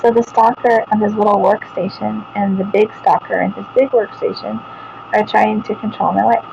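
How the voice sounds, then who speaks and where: A middle-aged woman with a Texan accent talking casually to her viewers as she shows her computer screen. She speaks in a calm, even way, rambling, trailing off and starting over. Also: medium pitch, moderate pace. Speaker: vlogger. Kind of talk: casual talk to camera while showing her computer screen. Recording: dull lo-fi home recording with clear background noise.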